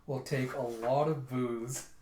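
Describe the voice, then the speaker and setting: A man's voice: mid-range voice, steady tone, a little mellow, slight background noise, lightly acted. A man doing a brash female pirate captain. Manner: slow, brash, commanding. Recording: roomy echo.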